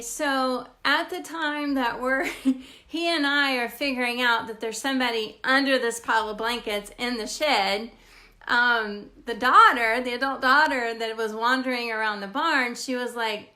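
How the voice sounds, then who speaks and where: High, bright-voiced woman telling stories. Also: a little slow. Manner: animated, laughs often while telling stories. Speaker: real estate agent. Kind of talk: casual storytelling to camera.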